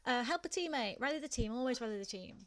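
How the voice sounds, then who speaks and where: Brief: woman streamer, Black Country accent, a bit high-pitched, chatty, laughs easily. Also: lively intonation, fast, fairly bright tone. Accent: Black Country (West Midlands English). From England. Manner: chatty, laughs often, talks to chat viewers. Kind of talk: casual chat while gaming.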